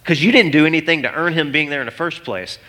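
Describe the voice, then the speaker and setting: A man's voice: fairly high pitch, fast talker. A man in his thirties preaching a sermon, telling a story and acting out the voices in it. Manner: animated storytelling, acts out voices. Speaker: pastor.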